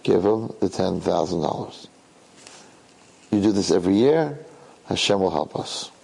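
A determined, faithful wife, voiced by a man telling the story speaks low and firmly. Her insistence is calm and steady. The voice is slightly husky. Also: unhurried, full character voice, poor audio. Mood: insistent.

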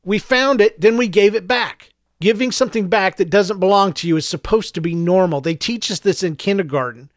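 A man's voice: sits high, a little fast, no room sound, studio quality, lightly acted. Man voicing a stern, tired mother. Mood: firm. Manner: firm, clipped scolding. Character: stern tired mother, middle-aged woman. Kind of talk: audiobook character voice.

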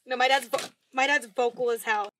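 A young woman co-hosting a casual podcast, talking in slangy, profane, relaxed speech. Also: a little high, brisk, a little hiss or hum. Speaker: podcast co-host. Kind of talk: casual chat.

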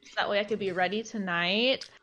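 A woman's voice: mid-range voice, steady tone, a little fast, sharp tone. A woman in her twenties, a guest streamer, chatting casually and bubbly with lots of "like". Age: 20s. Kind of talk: casual chat.

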